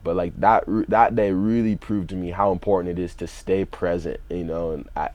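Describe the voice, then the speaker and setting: A man's voice: deep voice, fairly even intonation, normal speed, a little mellow. A young man telling a story in a laid-back way, with lots of "you know" and "like". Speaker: podcast guest, fighter. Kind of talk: casual storytelling.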